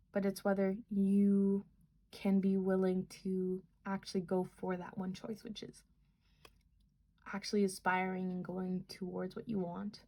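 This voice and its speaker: A woman's voice: medium pitch, darkish tone. Young woman tarot reader, chatty and rambling, earnest tone. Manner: rambling, filler-heavy, earnest. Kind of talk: casual tarot reading.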